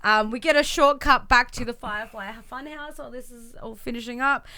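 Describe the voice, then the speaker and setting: A woman's voice: on the high side, a little fast, bright, forceful tone. A woman co-hosting a podcast, recapping events in casual chat and acting out quotes in exaggerated voices. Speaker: podcast co-host.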